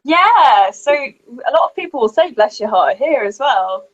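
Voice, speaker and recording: Lively British woman, higher voice, dull sound. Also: unhurried. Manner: lively, laughs often. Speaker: co-host. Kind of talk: casual live-stream chat.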